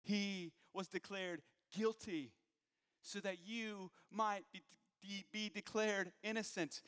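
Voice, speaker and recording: A man preaching a sermon, moving from hushed, low passages to raised, emphatic ones. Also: steady tone, takes it slowly, clean tone, in a large hall.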